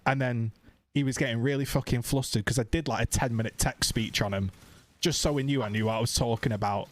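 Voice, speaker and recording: A British man streaming, telling a story in casual, animated chat and swearing freely. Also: mid-range voice, a little fast. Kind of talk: casual chat, ranting anecdote.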